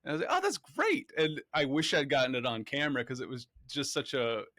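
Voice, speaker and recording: Excitable man telling stories, dry sound. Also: medium pitch, fast talker, no room sound. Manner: animated, excitable storyteller acting out quotes. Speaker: documentary filmmaker guest. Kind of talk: casual interview storytelling.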